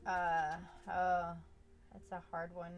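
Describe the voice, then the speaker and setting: Slow-talking chatty woman streamer. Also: fairly low pitch, monotone, lo-fi sound, faint music behind. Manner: chatty, reads chat aloud, laughs often. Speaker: art livestream host. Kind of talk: casual chat while drawing. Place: home.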